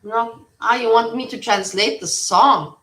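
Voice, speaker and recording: A woman's voice: on the high side, measured pace, fairly bright tone, reverberant, distant mic, low-quality recording. A woman hosting a casual livestream chat, rambling and blunt, swearing freely. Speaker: livestream host.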